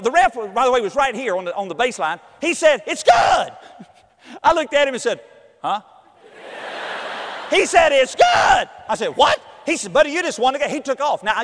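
Guy, middle-aged, high voice, acting out his story, long reverb hall sound. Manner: lively, acts out voices and shouts in the story. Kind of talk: animated personal storytelling.

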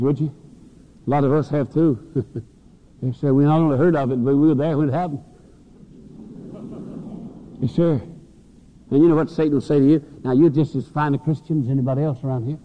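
A man preaching a sermon to students, telling folksy stories and acting out voices. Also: a little high. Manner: folksy storytelling, acts out voices. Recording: dull lo-fi recording with long hall reverb.

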